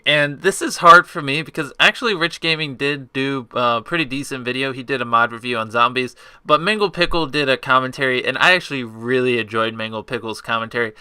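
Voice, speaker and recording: A man's voice: medium pitch, bright, forceful tone, clear, resonant tone, dry recording. A young man judging entries in an online video contest, talking casually with frequent ums and restarts. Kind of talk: casual unscripted judging commentary.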